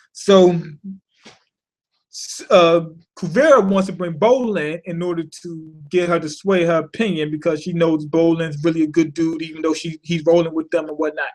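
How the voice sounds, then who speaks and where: A man with a fairly high voice talks through a cartoon episode in a relaxed, profane recap. He pads his thoughts with slang and fillers and keeps stopping to ask rhetorical questions. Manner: animated, thinks aloud with rhetorical questions. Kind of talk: casual spoken recap.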